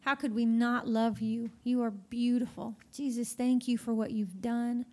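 A woman's voice: fairly high pitch, little pitch movement, a little slow, a little mellow. A woman podcast host praying aloud over her guests in fervent, repetitive declarations. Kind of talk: spoken prayer and declaration.

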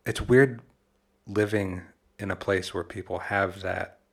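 Brief: low-voiced, laid-back male co-host, hesitant and profane. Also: steady tone, measured pace, husky. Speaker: podcast co-host. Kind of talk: casual chat.

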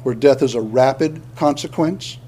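A man's voice: medium pitch, moderate pace, mellow, breathy edge. A male pastor preaching a sermon, earnest, often restarting words and building to emphatic points.

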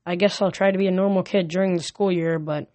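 A woman reading a storybook aloud, voicing a teenage girl oracle in a soft, earnest, slightly shaken way. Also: lowish voice, steady tone, fast talker, close to an everyday voice. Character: teenage girl oracle, dazed but determined.

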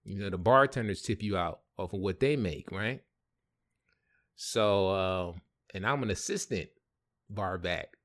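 Animated, profane male podcast host. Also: sits low, unhurried, pauses often. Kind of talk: casual storytelling.

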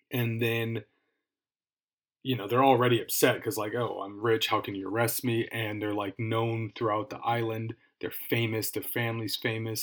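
A man's voice: on the low side, fairly bright tone. A man with an Irish accent hosting a podcast, reviewing a book in a casual, rambling, self-deprecating way with frequent restarts. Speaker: podcast host.

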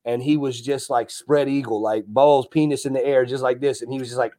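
A man's voice: mid-range voice, fairly even intonation, fairly quick, warm tone. A young adult man in casual chat, blunt and outspoken, swearing freely.

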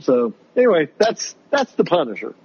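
A man's voice: moderate pace, slightly rough. Ranting podcast man, lo-fi sound. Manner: animated ranting, mocking quotes in a high voice. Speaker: podcast co-host reviewing shows. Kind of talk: casual ranting review chat.

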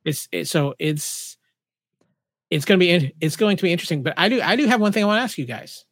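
Eager man with a higher voice, dry mic. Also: expressive, quick pace, no echo. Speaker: podcast co-host. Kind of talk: casual chat.

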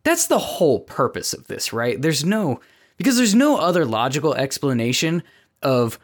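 A man's voice: on the high side, very animated, moderate pace. A man guesting on a podcast, laughing often and asking thoughtful questions in a casual chat.

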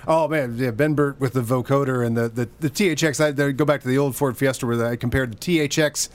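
A man's voice: mid-range voice, fairly even intonation, fast. A man co-hosting a casual podcast, rambling enthusiastically about film sound effects. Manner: rambling, enthusiastic, laughs often. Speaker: podcast co-host.

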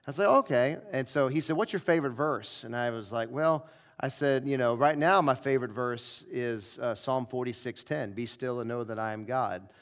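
Guy preaching at a revival, tells stories and does everyone's lines, mid-pitched voice. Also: moderate pace. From southern United States. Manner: animated storyteller acting out dialogue. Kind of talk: revival sermon with storytelling.

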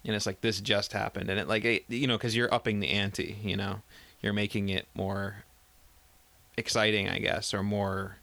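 A man's voice: lowish voice, flat delivery, moderate pace, gravelly, sharp tone, dry recording. A man co-hosting a casual podcast chat about a film, talking hesitantly and often trailing off. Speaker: podcast co-host discussing a film.

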